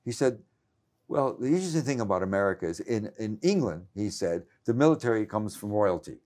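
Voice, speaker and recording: A man's voice: lowish voice, lively intonation, a little fast, darkish tone. A man in his late seventies, a journalist interviewed in conversation, who talks in a rambling, cranky way with many restarts and stammers. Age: 70s. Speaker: journalist guest.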